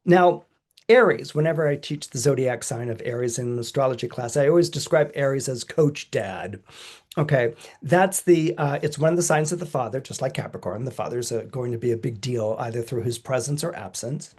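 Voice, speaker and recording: A man on a podcast explaining astrology in an animated way, chuckling often and acting out quoted voices with big jumps in pitch. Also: a little fast.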